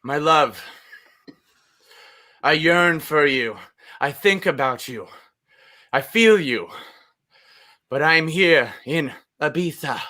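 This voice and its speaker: A man's voice: fairly high pitch, animated, slow pace, long pauses, sharp tone, exaggerated voice. A man putting on a swooning fake-European lover. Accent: put-on non-specific European accent. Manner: hammy, breathy, overblown romantic delivery. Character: lovesick male European-ish romancer writing a sexy letter.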